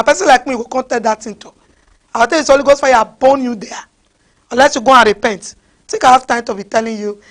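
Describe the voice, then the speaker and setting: A woman with a Nigerian accent preaching a fiery sermon, scolding her listeners with repeated rhetorical questions. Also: sits high.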